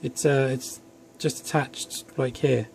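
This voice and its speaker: A man's voice: medium pitch, steady tone, slow, vocal fry, a little mellow. A young man casually reviewing an action figure at home, chatty and rambling with self-deprecating asides. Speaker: toy reviewer. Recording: faint background noise.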